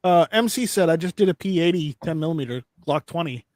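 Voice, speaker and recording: A man's voice: on the high side, animated, quick pace, darkish tone, dry recording, clean studio sound. A man hosting a casual live stream, joking with his co-hosts and wrapping up the show. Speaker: host.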